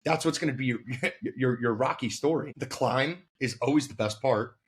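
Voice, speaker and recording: A man's voice: mid-range voice, normal speed, slight background noise. A man hosting a casual podcast chat, earnest and searching for words, swearing casually.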